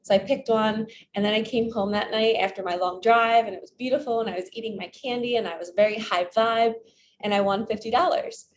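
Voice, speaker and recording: A woman talks as a spiritual coach in a relaxed, chatty vlog. She tells everyday stories and acts out her own inner questions as she goes. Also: a little high, fairly quick, slight background noise. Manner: chatty, retells stories with quoted self-talk. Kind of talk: casual vlog storytelling.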